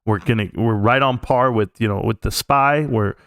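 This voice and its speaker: A man's voice: moderate pace, smooth, no echo, clean studio sound. Man telling a long story on a live stream. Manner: animated, jumps up in pitch when reliving tense moments.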